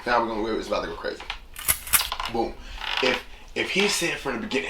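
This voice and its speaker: A man hosts a solo podcast in a loose, rambling way, acting out other people's lines as he goes. his voice sits at an ordinary pitch. the room is echoey, with steady noise in the background. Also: a little fast, long pauses. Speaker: podcast host. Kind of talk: casual solo podcast monologue.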